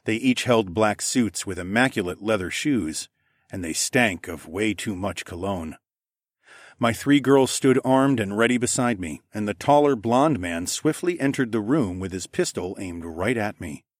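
Low-voiced male audiobook narrator. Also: lively intonation, measured pace, no room sound, studio quality. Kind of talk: first-person audiobook narration.

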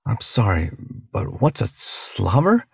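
A man's voice: lowish voice, huge pitch swings, slow, creaky, breathy edge, no echo, clean studio sound, pitched above the performer's own voice, exaggerated voice. A man voicing a bewildered young human captive who answers with sarcasm and curses. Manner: sarcastic, cursing.

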